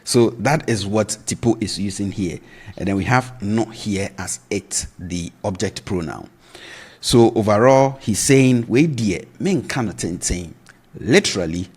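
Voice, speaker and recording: A man gives a video language lesson in a low, slightly husky voice. He is a Twi speaker who patiently repeats each word so the learner can follow. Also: lively intonation, unhurried, a little mellow. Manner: patient, repeats words to drill pronunciation. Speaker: language teacher.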